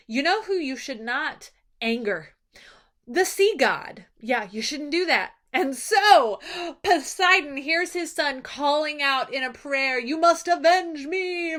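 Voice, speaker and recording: A woman teacher recapping a story in a casual, animated way, acting out the characters in quick asides. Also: a little high.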